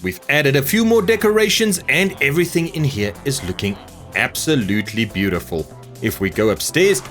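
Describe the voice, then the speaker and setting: A man hosting a gameplay video, giving casual commentary with playful, mock-grand jokes. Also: mid-range voice. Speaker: gaming channel host. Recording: faint music behind the voice.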